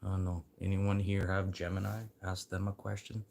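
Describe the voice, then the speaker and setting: A man rambling casually to his livestream viewers, swearing freely and swinging from low mutters to loud encouragement. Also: monotone, normal speed, vocal fry, slight background noise.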